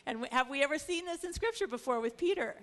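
A woman teaching a Bible study in a lively way, acting out the stories she tells. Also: high voice, quick pace. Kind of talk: animated scripture teaching.

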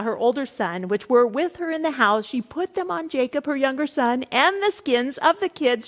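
Brief: female Bible teacher, chatty asides between readings, high voice, reverberant hall. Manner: expressive, conversational, with rhetorical asides. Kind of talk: Bible study teaching for women.

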